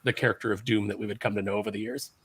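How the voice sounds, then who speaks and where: A man's voice: lowish voice, flat delivery, racing, fairly bright tone, breathy edge. A man chatting casually on a comics talk show, enthusiastic and rambling with many fillers. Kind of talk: casual chat.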